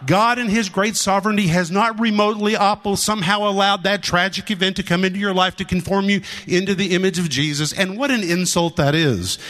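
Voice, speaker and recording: A man's voice: sits high, fairly bright tone. A man preaching a sermon, emphatic and repetitive, stressing his points and acting out the scripture he quotes. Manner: emphatic, repeats lines for stress.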